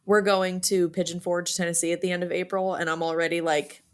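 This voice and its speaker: Woman, 30s, podcast co-host, chatty and quick to laugh. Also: fairly low pitch, level tone. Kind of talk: casual chat.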